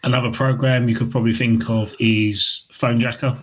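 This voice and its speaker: A man co-hosting a casual podcast chat, an animated storyteller who acts out scenes and laughs as he goes. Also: medium pitch, moderate pace, rough recording. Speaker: podcast co-host.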